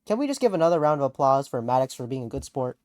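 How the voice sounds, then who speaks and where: A woman hosting a comedic podcast, playful and sarcastic, swearing freely in quick banter. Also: very deep voice, big pitch swings, warm tone. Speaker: podcast host.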